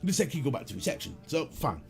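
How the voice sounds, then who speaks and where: British male streamer, lively swings in pitch, salty anecdotes, music faint behind. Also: fast talker, creaky. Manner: profane, animated, self-mocking storyteller. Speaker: livestream host. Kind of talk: casual storytelling chat.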